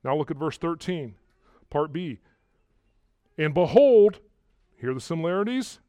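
A man preaching a sermon to a congregation, walking through verses and rising loudly on key words, often repeating himself. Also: a little high, animated, brisk, smooth, no echo, clean studio sound. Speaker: pastor.

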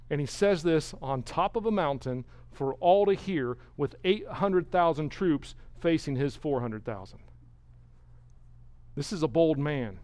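A man's voice: fairly high pitch, no echo. A man, a pastor, giving an expository sermon with emphatic delivery and rhetorical questions.

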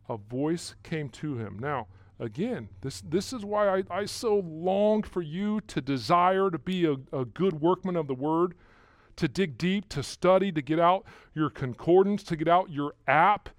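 A man preaching a sermon to a congregation, walking through verses and rising loudly on key words, often repeating himself. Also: a little high, animated, a little slow, no echo, clean studio sound. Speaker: pastor.

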